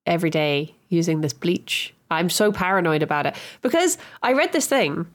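A woman co-hosting a casual podcast chat, playful and quick to laugh. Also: on the low side. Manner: giggly, laughs often, animated and playful. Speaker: podcast co-host.

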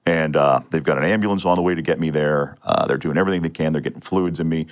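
A middle-aged man from Pennsylvania speaks in a notably low voice as an interview guest. He recounts his own experience in a matter-of-fact way. He often restarts his phrases and fills pauses with "um" and "uh". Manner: matter-of-fact storytelling with frequent restarts and fillers. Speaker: interview guest, retired police sergeant. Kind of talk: telling a personal story in a podcast interview.

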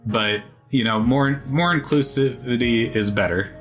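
A man's voice: mid-range voice, measured pace, fairly bright tone, soft background music. A man co-hosting a casual gaming podcast, earnest and thoughtful, rambling with many fillers. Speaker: podcast co-host. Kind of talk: casual chat.

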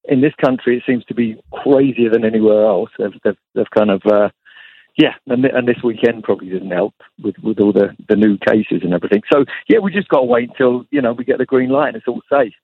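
A man calling in as a guest, chatting in a relaxed, rambling way with many fillers. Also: medium pitch, a little fast, breathy edge. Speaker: guest guitarist. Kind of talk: casual interview chat. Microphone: phone call. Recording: tinny phone line.

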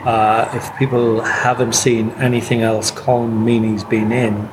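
A man's voice: medium pitch, level tone, a little slow. A man from Ireland with an Irish accent, chatting casually on a podcast and laughing often. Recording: noticeable background noise.

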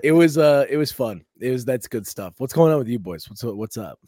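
A man co-hosting a casual comedy podcast, telling animated stories and acting out what people said in raised voices. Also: medium pitch, brisk, no echo, studio quality. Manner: animated storytelling, acts out quotes in raised voices. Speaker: podcast co-host.

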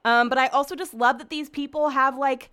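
A woman's voice: high voice, fairly even intonation, brisk, sharp tone. A young woman hosting a podcast, chatting casually and gushing with lots of "like" and "um". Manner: bubbly, gushing, uses lots of "like" and "um". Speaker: podcast host. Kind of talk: casual solo chat.

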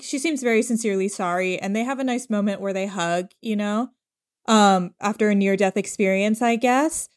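A woman's voice: medium pitch, clean tone. A woman co-hosting a podcast, casually recapping a drama's plot in a loose, rambling way. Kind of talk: casual chat.

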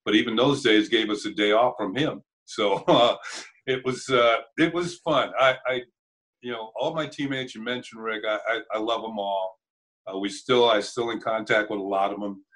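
An older man and former ballplayer, a guest in an interview, telling relaxed anecdotes with frequent chuckles and halting restarts. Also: on the low side, poor audio.

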